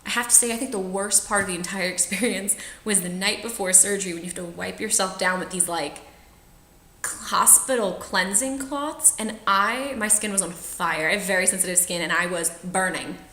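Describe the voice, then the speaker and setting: A woman in her twenties with a trained singer's voice tells her own story straight to camera, frank and easygoing, breaking into laughs. Her tone is bright and forceful. The room around her sounds echoey. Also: medium pitch. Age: 20s. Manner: chatty, frank, laughs often while telling. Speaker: vlogger sharing personal experience.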